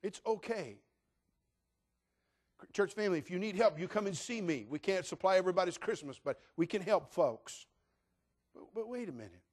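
Older male pastor, church sermon, fairly high voice, chatty and joking. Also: moderate pace, pauses often. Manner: animated, joking, conversational preaching.

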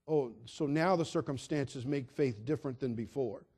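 A man's voice: mid-range voice, moderate pace, slightly rough. A man preaching a sermon, addressing his listeners directly and acting out the people in his story. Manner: dramatic, swings from quiet asides to shouts; acts out quoted voices, addresses listeners directly.

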